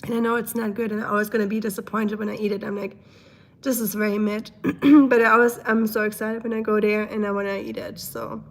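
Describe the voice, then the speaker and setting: A young woman hosting a live stream, chatting casually and reading out comments. She is silly and laughs often, and her throat is full of mucus, so she keeps clearing it. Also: medium pitch, level tone, fast.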